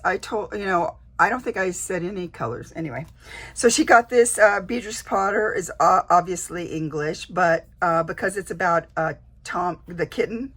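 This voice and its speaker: This junk journal vlogger, whose voice is low and fairly bright, chats casually to camera in a show-and-tell. She shows off a journal she got in a swap, speaking with lots of fillers and restarts.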